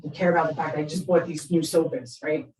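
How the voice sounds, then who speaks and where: A middle-aged woman giving a talk on parenting, telling a story in an animated, conversational way with frequent tag questions. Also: deep voice, fast. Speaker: parenting speaker. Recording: echoey room, distant mic.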